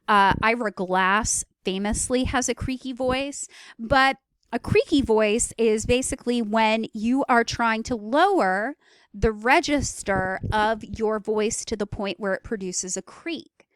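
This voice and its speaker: A young woman lecturing in a relaxed, explanatory way, pausing on fillers as she walks through each point. Her voice sits a bit high and sounds smooth and resonant. The recording is dry and close. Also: dry recording. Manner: explanatory, with casual fillers and live voice demonstrations. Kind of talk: recorded lecture on speech perception.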